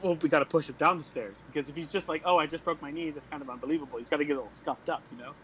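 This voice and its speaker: A man's voice: on the high side, very fast, slight background noise, low-quality recording. A man playing a tabletop role-playing game, playful and joking with the group. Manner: playful, jokey, animated. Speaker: player. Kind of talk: casual tabletop play.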